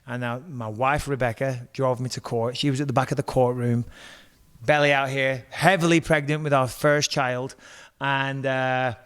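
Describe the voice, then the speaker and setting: A man's voice: medium pitch, moderate pace, clear, resonant tone. An English man in his forties, a retired fighter telling stories in a casual interview at a kitchen table, chatty and joking. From England. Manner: chatty, joking, animated storyteller.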